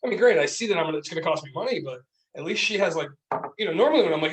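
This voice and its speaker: A man's voice: a little high, quick pace, far from the mic, poor audio. A man co-hosting a casual podcast, telling rambling stories full of fillers. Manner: animated, rambling storyteller with many fillers. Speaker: podcast co-host. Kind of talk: casual chat. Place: small room, beer podcast.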